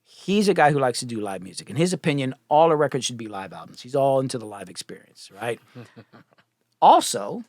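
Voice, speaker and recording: Middle-aged guy rattling off stories quick, lively up and down voice, dry close sound, swears a lot. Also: mid-range voice, dry recording. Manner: animated, profane, acts out quoted voices. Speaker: podcast guest, music producer. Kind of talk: casual storytelling.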